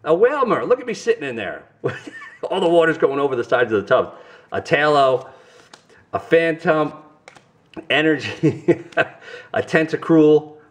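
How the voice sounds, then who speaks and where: A middle-aged man with a New York accent hosts a casual vlog, talking straight to his viewers in a goofy, chatty way. His pitch jumps around a lot, rising and falling as he jokes along. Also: big pitch swings, unhurried, long pauses. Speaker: family vlog host. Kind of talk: casual card-opening vlog.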